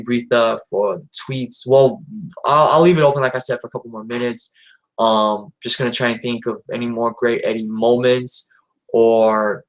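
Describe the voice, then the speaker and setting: A man's voice: mid-range voice, a bit bright, rough recording. A man hosting a live stream in a casual, rambling way, with lots of fillers and restarts.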